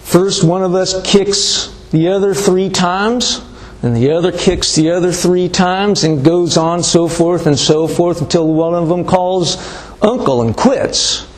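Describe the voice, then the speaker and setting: A man voicing a cranky, stubborn old male Texas farmer with a gruff, folksy way of talking. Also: high-pitched, measured pace, pitched above the performer's own voice, low-quality recording.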